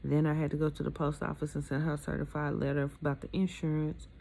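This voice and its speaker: A woman's voice: low voice, little pitch movement, fast talker, gravelly, warm tone. A woman candidly telling her own divorce story in casual, aggrieved storytelling. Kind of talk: emotional personal storytelling.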